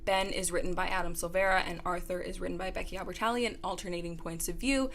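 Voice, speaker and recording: A woman's voice: lowish voice, fairly even intonation, quick pace, a bit bright, slight background noise. A young woman ranting in a book review vlog, sarcastic and exasperated, full of "like".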